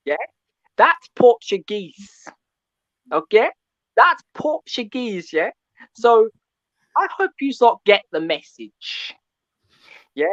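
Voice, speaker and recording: A man's voice: high voice, very animated, slow, long pauses, fairly bright tone, no echo, dull audio. A man calling in to a fan show, ranting and tagging his points with "yeah?". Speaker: caller. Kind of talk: call-in fan rant.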